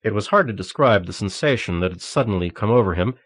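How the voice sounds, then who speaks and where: Low-voiced man reading an audiobook. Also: no room sound, studio quality. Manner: steady, measured reading. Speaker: audiobook narrator. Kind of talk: audiobook narration.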